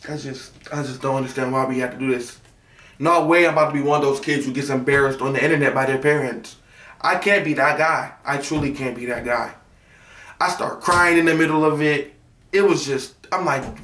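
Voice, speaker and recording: Young man, storytime vlogger, highish voice that leaps up when exasperated, recorded in an echoey room a little off mic. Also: a little fast, far from the mic. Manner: animated, voice jumping high in exasperation. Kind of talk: casual storytelling.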